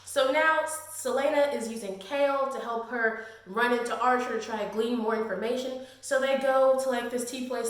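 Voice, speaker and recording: A high-voiced woman gushes through a casual book review, slangy and openly fangirling. Her voice rings around a very echoey room. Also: a bit bright.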